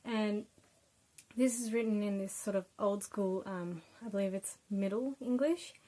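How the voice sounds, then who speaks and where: A young Australian woman reviews books in a chatty, loose way, her mid-range, dark-toned voice a little slow and full of fillers. The recording is rough.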